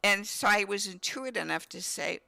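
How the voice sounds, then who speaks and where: Woman, 50s, guest, lively storyteller, bright clear tone, dry close sound. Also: mid-range voice, fairly quick, no room sound. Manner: animated anecdotes, often acting out a child's lines. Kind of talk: storytelling in casual conversation.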